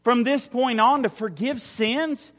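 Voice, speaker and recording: A man's voice: very high voice, unhurried, a bit bright, big-room sound. A man preaching a sermon as pastor, building his points through repeated phrases and acting out the lines he quotes. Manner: repetitive preaching cadence, acts out quoted lines. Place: large church hall with a crowd.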